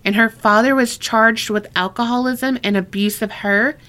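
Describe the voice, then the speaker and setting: A woman's voice: on the high side, fairly even intonation, normal speed, fairly bright tone. Chatty woman reading ghost stories. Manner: chatty, laughs often, swears casually. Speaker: podcast co-host. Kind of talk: casual chat, reading listener stories aloud.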